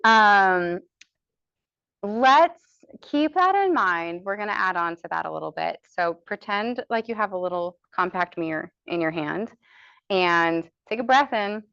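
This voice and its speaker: A woman's voice: mid-range voice, lively intonation, a little slow, creaky, fairly bright tone, dry recording, highs cut off. A woman with an American accent teaching a yoga teacher training, chatty and encouraging, demonstrating breaths and cues aloud.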